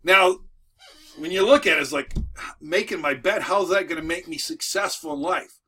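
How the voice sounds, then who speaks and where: A man's voice: sits high, big pitch swings, normal speed, vocal fry, sharp tone, slightly rough. A man hosting a casual motivational video from home for moving business owners, talking in a folksy, repetitive way with many restarts. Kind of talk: casual motivational talk to camera. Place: at home with dogs nearby.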